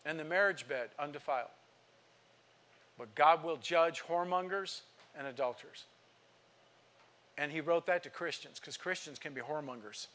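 A man's voice: fairly high pitch, moderate pace, pauses often, a bit bright. A man preaching a sermon to a congregation, emphatic and asking rhetorical questions. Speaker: pastor.

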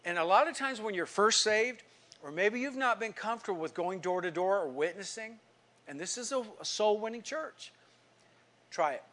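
High, bright-voiced male preacher. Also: animated, normal speed. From California, USA. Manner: storytelling preacher, swings from hushed to emphatic. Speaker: pastor. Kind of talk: sermon.

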